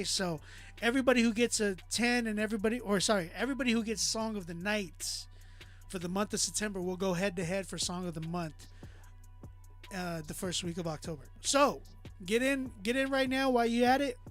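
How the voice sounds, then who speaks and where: A man's voice: sits high, brisk, fairly bright tone. A man hosting a live music review stream, hyping up the chat and calling for song submissions. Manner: hyped, talks straight to chat. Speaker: livestream music review host. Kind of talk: casual livestream hosting.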